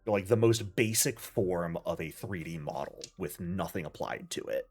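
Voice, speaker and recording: Game master, male, low husky voice, lively delivery, explains while feeling for words. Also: moderate pace. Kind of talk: narrating a tabletop game.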